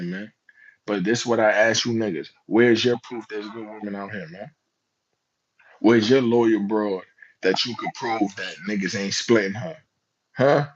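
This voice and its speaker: A man's voice: fairly low pitch, highs cut off. A man giving slangy, emphatic reaction commentary, often asking rhetorical questions. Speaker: commentary vlogger.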